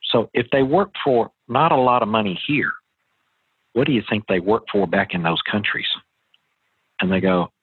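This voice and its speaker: A man's voice: lowish voice, fairly quick, breathy edge, dry recording. A middle-aged man talking as an interview guest, a chatty, folksy storyteller who often restarts his sentences. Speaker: real estate investor guest. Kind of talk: casual interview talk. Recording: tinny phone line.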